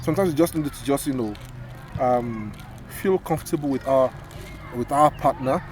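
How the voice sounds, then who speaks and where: A man co-hosting a casual talk show, animated and exclaiming, with many fillers and restarts. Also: medium pitch, normal speed, a little hiss or hum. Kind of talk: casual podcast chat.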